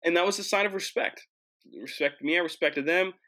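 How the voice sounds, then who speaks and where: A young man from the United States tells a travel story in a loose, jokey monologue. His voice is bright and forceful, and he often restarts his sentences before pushing on with energy. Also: fairly high pitch, a little fast. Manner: animated, jokey, frequent restarts. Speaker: host.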